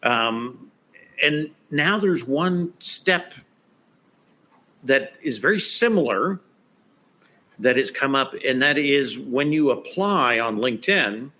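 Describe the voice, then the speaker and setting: A man's voice: medium pitch, lively intonation, slow, pauses often, pushed and bright. A man guest on a podcast interview, talking casually with lots of "you know" and "right?". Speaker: guest expert.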